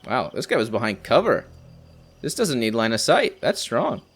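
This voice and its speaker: Guy narrating his game run, big swings in pitch, grumbly asides. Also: big pitch swings, normal speed, husky. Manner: rambling, exasperated asides. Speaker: let's play host. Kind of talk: casual gameplay commentary.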